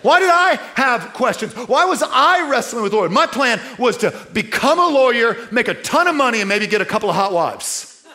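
A man's voice: very high-pitched, big pitch swings, moderate pace, pushed and bright. A middle-aged man preaching a sermon in a conversational way, asking his listeners rhetorical questions. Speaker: pastor.

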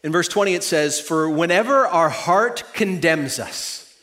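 High-voiced man preaching a sermon. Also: lively intonation, unhurried. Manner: swings between loud emphatic stretches and soft hushed reassurance; conversational and joking. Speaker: pastor.

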